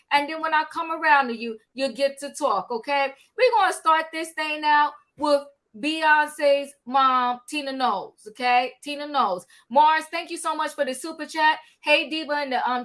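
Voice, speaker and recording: A woman hosting a casual live-stream talk show, animated and calling out to her viewers. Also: high-pitched. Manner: animated, calls out to viewers, drawn-out exclamations. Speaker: livestream host.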